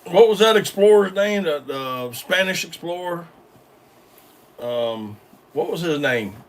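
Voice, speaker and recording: Brief: male host, a touch high-pitched, casual meandering livestream talk with frequent restarts. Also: expressive, slow pace, distant mic. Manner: rambling, hesitant, full of ums and repeated starts. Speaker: livestream host reading chat. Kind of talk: casual live-stream chat.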